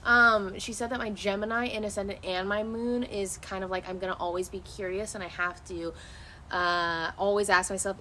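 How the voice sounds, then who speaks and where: Speaking a little fast in a mid-range voice, this young woman streams from outside and chats with viewers. She rambles animatedly, keeps restarting, and swears without holding back, over a faint hiss or hum.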